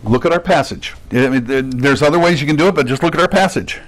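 Speaking fast, a man preaches with earnest directness as a pastor. He shifts from low, quiet passages to emphatic high outbursts and occasionally performs the voices of imagined listeners.

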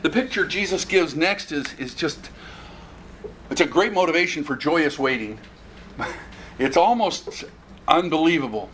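A man's voice: on the high side, unhurried, pauses often, a little hiss or hum. A man preaching an expository sermon, asking the congregation questions and acting out the voices in the passage. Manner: animated, acts out scripture voices, asks the audience questions. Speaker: pastor.

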